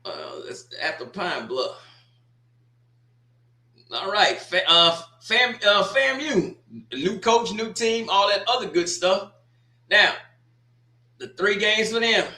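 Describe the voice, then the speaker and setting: A man's voice: high-pitched, sing-song, slow, long pauses, bright, forceful tone, roomy sound. A man hosting a sports talk show, rambling through a casual opinion monologue with folksy asides.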